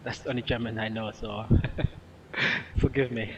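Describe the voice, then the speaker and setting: A Yorkshire man talks through a live flight-sim stream, easygoing and halting, full of "uh"s and false starts. He sits a little back from the mic, and a faint low rumble hums underneath. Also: fairly even intonation, far from the mic, dull audio. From England. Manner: halting, lots of uh fillers and restarts, answering chat. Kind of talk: casual live-stream chat while flying a sim.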